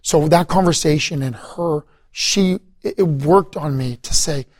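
Higher-voiced man telling a long story. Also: unhurried, a little mellow, dry recording. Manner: rambling storytelling with many fillers and restarts. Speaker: guest. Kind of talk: conversational testimony interview.

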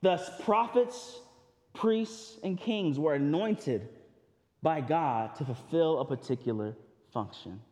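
A male pastor preaches in a high, light voice. He talks in a loose, conversational way, stumbling over words and repeating himself. The sermon rings with a long reverb from a large hall. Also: expressive, slow, a little mellow. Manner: conversational preaching with frequent restarts and asides.

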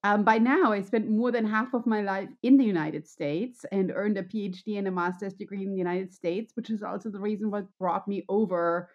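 A woman's voice: medium pitch, steady tone, brisk, few pauses. German-accented woman on dull audio. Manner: friendly, explanatory, upbeat. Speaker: podcast guest, wellness coach. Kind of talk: conversational interview.

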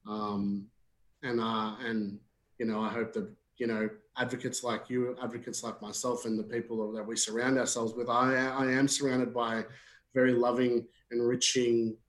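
A man's voice: mid-range voice, flat delivery, moderate pace. An Australian man speaking earnestly as a podcast guest, with frequent fillers and restarts. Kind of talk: casual conversation. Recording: echoey room.

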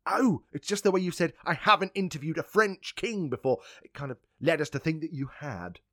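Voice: mid-range voice, expressive, a little fast, fairly bright tone, dry recording. A performer in a scripted comedy sketch with a dry, announcing manner. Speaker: comedy podcast regular.

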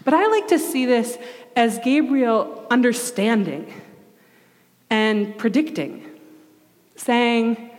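A young adult woman giving a sermon as a pastor, in a conversational and animated way with playful asides. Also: a little high, slow pace, long pauses. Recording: long reverb of a large hall.

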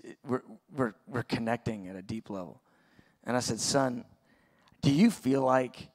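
Preaching a sermon in a church auditorium, a pastor in his forties shares a personal story. His mid-range voice sounds conversational and halting.

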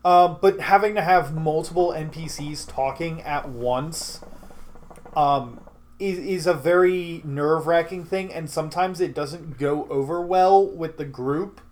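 A man's voice: on the high side, measured pace, a little mellow. A young man, a tabletop game master, answering interview questions in a casual chat, rambling with fillers and restarts.

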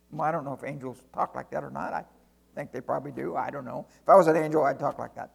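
A man's voice: mid-range voice, steady tone, fast, vocal fry, breathy edge. A male pastor preaching a sermon in a conversational way, full of rhetorical questions.

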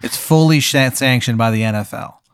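A man's voice: medium pitch, moderate pace, clear, resonant tone, dry recording, clean studio sound. A man hosting an improvised role-play game, narrating in a rambling, casual way with lots of "like"s and swearing. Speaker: game host.

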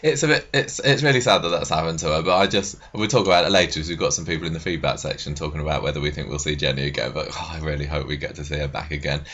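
Fast-talking deep-voiced man. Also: a bit bright, highs cut off. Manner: chatty, tag questions, frequent restarts. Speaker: podcast co-host. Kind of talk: casual soap recap chat.

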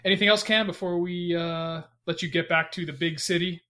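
Bright, upbeat man hosting a podcast. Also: sits high, fairly even intonation, a little fast. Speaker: podcast host. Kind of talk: casual podcast chat and outro.

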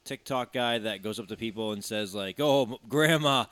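A young man co-hosting a casual sports podcast, telling stories and acting out what people said in low, flat asides. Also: moderate pace, clean tone. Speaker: podcast co-host.

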